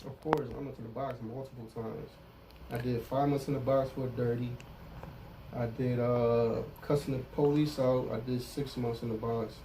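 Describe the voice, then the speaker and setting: A man's voice: medium pitch, steady tone, normal speed, distant mic, background noise. A middle-aged man speaking candidly as an interview guest in street slang, often saying "you know what I'm saying". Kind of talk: casual interview about prison time.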